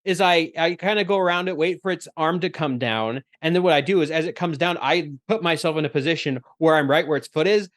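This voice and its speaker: Guy at a tabletop game, kinda high voice, explains his attack move by move. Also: a little fast, few pauses. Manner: describes his character's attack step by step. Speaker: player.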